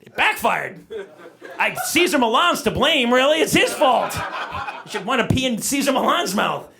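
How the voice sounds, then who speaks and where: A middle-aged male comedian telling an animated story on a live stage, shouting out the voices of himself and his dog. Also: very high-pitched, normal speed, gravelly, a crowd in the background. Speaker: stand-up comedian. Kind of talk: stand-up comedy set. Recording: live stage recording with audience noise. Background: audience laughter.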